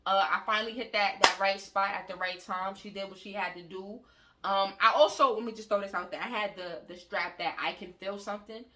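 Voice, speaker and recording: A young woman vlogger telling a story to camera in a casual, slangy, animated way, acting out the scenes as she goes. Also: mid-range voice, a little fast, slight background noise.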